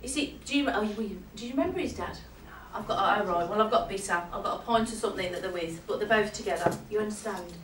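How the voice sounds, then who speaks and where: A woman's voice: mid-range voice, fast, few pauses, slight background noise. A woman giving a medium's reading to a live audience, chatty and laughing often, checking in with her listener as she goes. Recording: echoey hall from far off.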